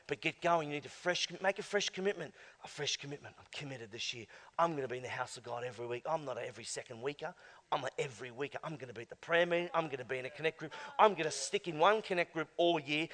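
A male pastor preaching emphatically, swinging between hushed asides and loud exclamations. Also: a little high. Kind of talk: sermon. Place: church. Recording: long church hall reverb.

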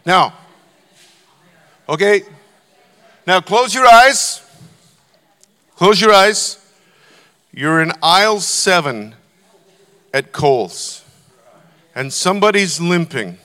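A man's voice: high-pitched, animated, drawn-out words, long pauses, bright, forceful tone. An older man preaching a sermon to a congregation, conversational and emphatic, urging them on. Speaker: guest preacher. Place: church auditorium. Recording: long church hall reverb.

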